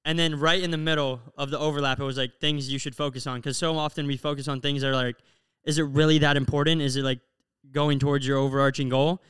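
A man's voice: on the high side, level tone, fast talker, fairly bright tone, smooth, no room sound. A young man from Florida co-hosting a podcast, telling stories in an open, earnest way with lots of "like". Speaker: podcast co-host. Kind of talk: casual chat.

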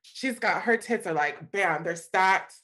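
Animated, slangy woman from California. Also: mid-range voice, unhurried. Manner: animated, slangy, laughing often. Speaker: guest. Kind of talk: casual storytelling chat.

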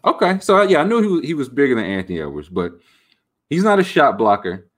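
A man hosting a podcast, rambling about sports in an animated, jokey way. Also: mid-range voice, fast talker. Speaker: podcast host. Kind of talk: casual sports talk.

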